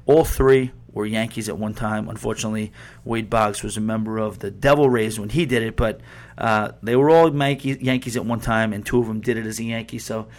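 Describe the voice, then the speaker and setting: A man talks through a casual sports podcast in a heated, rambling rant. He swears freely, restarts his sentences and flares up as he argues. His voice sits at an ordinary middle pitch for a man. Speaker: podcast host.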